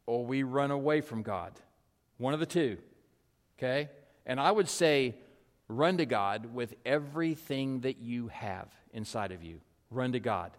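A male pastor giving a sermon in a relaxed, conversational style at a mid-range pitch. He talks through rhetorical questions and repeated calls, and his voice rings with the long reverb of a big hall. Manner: drops to a soft, slow, hushed delivery.

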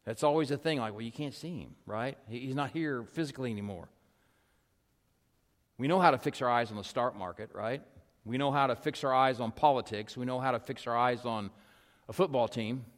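A man preaching a sermon in a conversational way, with rhetorical questions, repeated calls and asides. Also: mid-range voice. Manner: drops to a soft, slow, hushed delivery. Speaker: pastor. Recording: long hall reverb.

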